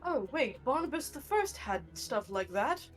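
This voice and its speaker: High pitched girl player, argues back fast, light music behind. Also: sing-song. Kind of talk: casual tabletop role-play.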